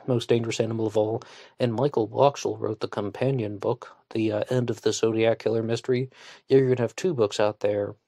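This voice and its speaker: A man's voice: lowish voice, darkish tone, dry recording, studio quality. A man hosting a solo podcast in casual commentary, blunt and scornful, with frequent fillers and swearing. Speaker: podcast host.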